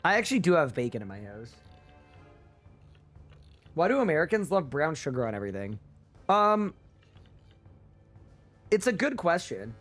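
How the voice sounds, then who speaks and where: A man's voice: fairly high pitch, big pitch swings, moderate pace, pauses often, a bit bright. Male streamer, casual live chat, playful incredulous banter, faint music behind. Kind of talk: casual livestream chat with viewers.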